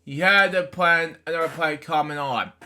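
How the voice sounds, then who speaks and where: A man's voice: on the high side, normal speed, bright, forceful tone. A man reading a children's book aloud, stumbling over words and adding offhand comments between pages. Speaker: storybook reader.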